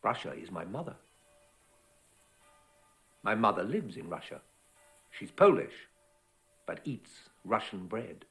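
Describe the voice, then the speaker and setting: An actor playing a tormented young male dancer sliding into madness, delivering a film voice-over monologue in a hushed, often whispered voice that breaks into far-off shouts. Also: fairly low pitch, big pitch swings, slow, long pauses, soft background music, heavily acted. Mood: fervent.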